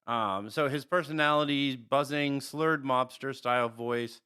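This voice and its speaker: A man co-hosting a podcast, describing characters in a relaxed, rambling way with frequent chuckles. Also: mid-range voice, a little slow, clean tone. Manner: rambling, chuckles often, restarts. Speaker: podcast co-host. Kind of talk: casual chat describing characters.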